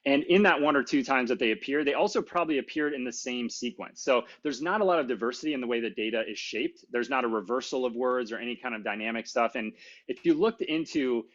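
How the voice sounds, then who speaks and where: A man's voice: medium pitch, fast, a bit bright, dull audio. A middle-aged man giving a casual, self-deprecating technical conference talk, with many fillers. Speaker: conference speaker.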